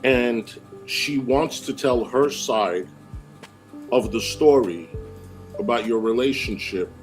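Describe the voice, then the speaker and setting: A man in a played stream clip, speaking in a measured, deliberate way. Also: medium pitch, faint music behind. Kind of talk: casual chat.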